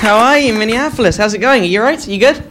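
A man's voice: sits high, lively intonation, fast, a loud crowd, very noisy. A man in his twenties opening a stand-up set, chatty and self-deprecating, with small restarts. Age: 20s. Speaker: stand-up comedian. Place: comedy club stage.

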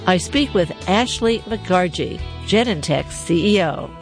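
A woman hosting a radio interview, asking questions in a measured, conversational way. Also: on the low side, expressive, music in the background. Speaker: radio show host. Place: radio studio.

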